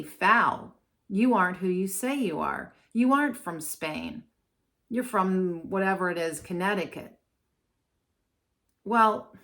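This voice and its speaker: Lowish but a bit bright, the voice belongs to a woman astrologer from Maryland, USA. Chatting to camera in casual commentary, she digresses often and uses lots of fillers.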